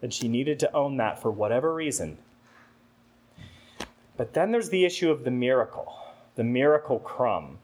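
Male preacher, mid-pitched, sermon storytelling with acted-out asides. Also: expressive, moderate pace, pauses often, a little mellow. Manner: storytelling, acts out a talking vase with rising exclamations. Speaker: rector preaching.

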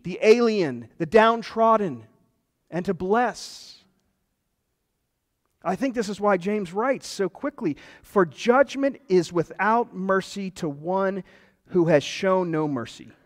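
Man preaching in a reverberant hall. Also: sits high. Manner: earnest, emphatic preaching. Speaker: pastor. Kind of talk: sermon.

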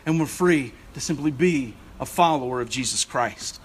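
A man's voice: mid-range voice, expressive, moderate pace, a little hiss or hum. A man preaching a sermon as a church's assistant rector, earnest and searching, often restarting his phrases. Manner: earnest, searching delivery with frequent restarts and fillers.

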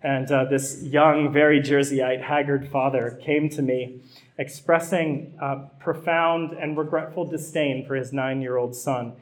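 A man's voice: mid-range voice, fairly even intonation, a little slow. A middle-aged man, a pastor, preaching a sermon in a conversational way that builds to emphatic repetition.

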